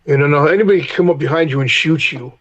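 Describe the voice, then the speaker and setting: A middle-aged man, a guest in a candid storytelling interview, talks rapid-fire in a slightly high voice, swearing freely and acting out heated arguments. The recording is low quality.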